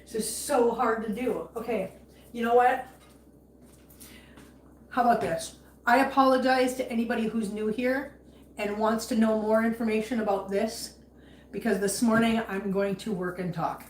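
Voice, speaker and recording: A woman hosts a casual livestream from her home kitchen, talking as she cleans. Her voice sits a little high, and she repeats herself for emphasis while holding back tears. The room gives her voice a roomy echo, with faint noise behind her. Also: steady tone, moderate pace, long pauses. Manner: chatty, emphatic, repeats herself when upset. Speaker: cat channel livestream host.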